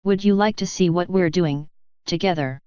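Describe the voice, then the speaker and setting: A woman's voice: fairly low pitch, normal speed, darkish tone, smooth, no room sound, lightly acted. A woman voicing a sinister, fanged female pony doppelganger with a honeyed, taunting manner, on a dull, dry recording.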